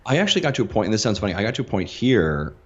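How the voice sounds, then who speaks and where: Deep-voiced man from western Canada. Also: very fast, lo-fi sound, slight background noise. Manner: animated storyteller who acts out the people he quotes. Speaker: podcast guest. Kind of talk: casual podcast chat.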